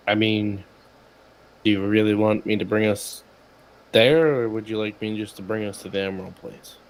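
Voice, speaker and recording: A man playing a tabletop game, talking in an unhurried, drawn-out way. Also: fairly low pitch. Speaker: player. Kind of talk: tabletop play. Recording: faint background noise.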